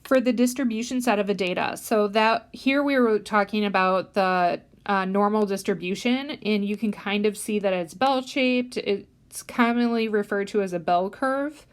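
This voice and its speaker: A woman's voice: mid-range voice, clean tone. Woman lecturing with frequent ums. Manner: explanatory, many "um" fillers, stresses key words. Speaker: statistics instructor. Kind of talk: recorded lecture.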